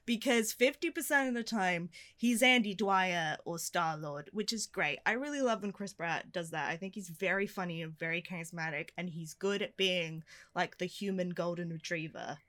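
A woman in casual podcast chat, animated and ranting, often laughing. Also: lowish voice, normal speed, few pauses. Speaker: podcast co-host reviewing a film.

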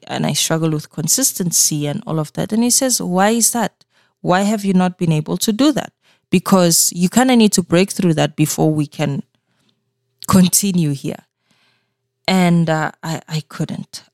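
A woman with a fairly low voice tells a personal story on her podcast. Her talk is candid and animated, full of restarts, recorded dry and close. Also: no room sound. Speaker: podcast host.

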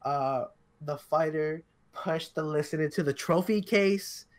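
A man's voice: a little high, unhurried. A tired young man co-hosting a podcast, telling a rambling, profane story in casual chat with lots of restarts. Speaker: podcast co-host.

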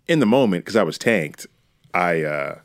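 A young man on a podcast, rambling loudly through crude banter about sports and the news. His voice is very deep, and the dry, close sound carries no room echo. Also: big pitch swings, normal speed. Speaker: podcast co-host. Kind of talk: casual chat.

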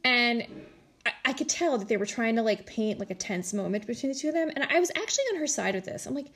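A woman casually recapping a reality show, chatty and animated, acting out what people said in exaggerated voices. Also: fairly high pitch, quick pace. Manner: animated storytelling, acts out quotes in exaggerated voices; chatty, heavy use of "like" and "you know". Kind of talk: casual chat.

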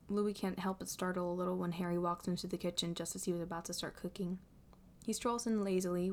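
A woman reading a fan fiction story aloud as narrator, in a calm, even storytelling manner. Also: fairly low pitch. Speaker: reader.

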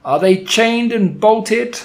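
A man voicing a harsh, snarling female witch ruler in a storybook reading, barking slow, loud commands in a hard, metallic, rasping voice. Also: sits high, expressive, voice pushed up, full character voice. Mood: commanding. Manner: barking commands loudly and slowly.

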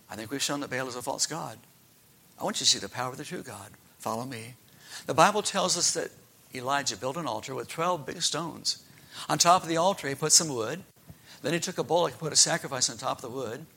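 Animated bright-voiced man preaching. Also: fairly high pitch, creaky. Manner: animated storytelling, asks the listeners questions. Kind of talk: children's Bible story sermon.

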